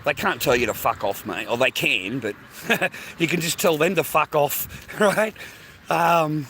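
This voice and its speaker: A man's voice: a little high, measured pace, bright, forceful tone, slight background noise. An Australian man streaming a casual, rambling walk-and-talk outdoors on a street near the beach, swearing constantly and ending lines with mate and bro.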